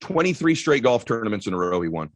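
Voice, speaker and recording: A man in his forties giving a motivational speech to a live audience, telling a story with quick, energetic delivery and loud shouts at the high points. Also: no echo. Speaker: motivational keynote speaker. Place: event stage before a live audience.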